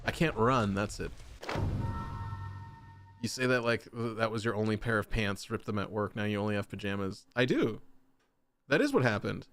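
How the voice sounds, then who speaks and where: A man's voice: animated, normal speed, pauses often, a little hiss or hum. A young man casually chatting on a gaming livestream, rambling, joking and answering chat. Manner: rambling, jokey, answers chat, bursts into high shouting. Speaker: streamer.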